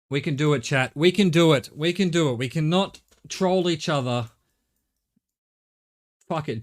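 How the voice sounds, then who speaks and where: Middle-aged Australian man streaming a game. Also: on the high side. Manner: thinks aloud, chatty with viewers, swears casually. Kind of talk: live game-stream commentary.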